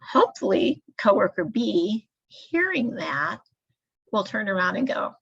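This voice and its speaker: Gravelly-voiced woman teaching a workplace lesson. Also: medium pitch, sing-song, fairly bright tone. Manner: measured, explanatory. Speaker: staff trainer. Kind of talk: recorded training lecture. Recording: dull lo-fi recording.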